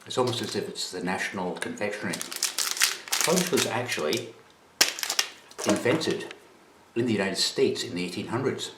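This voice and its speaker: A man's voice: low-pitched, fast talker, echoey room, noisy background. A Scottish man chatting casually on camera about snacks while tasting them, with a dry, chatty manner. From Scotland. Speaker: vlogger presenting snacks.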